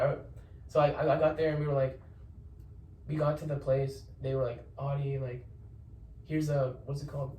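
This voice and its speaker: A young man tells a rambling story in casual podcast chat, repeating words and giving shout-outs. His voice sits a little high. He is recorded from a distance in a roomy, echoing space with faint background noise. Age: young adult. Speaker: podcast guest.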